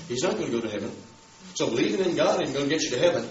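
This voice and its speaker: A man's voice: medium pitch, lively intonation, racing, roomy sound, recorded from a distance, lo-fi sound, slight background noise. A man preaching a sermon, telling a story in a folksy way and building emphasis on key words. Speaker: pastor.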